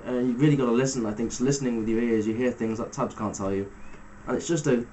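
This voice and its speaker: A man giving a casual step-by-step guitar lesson, talking through fret numbers in a relaxed way with fillers. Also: mid-range voice, fast, slight background noise, poor audio. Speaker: guitar teacher. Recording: loud guitar music under the voice. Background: electric guitar playing between phrases.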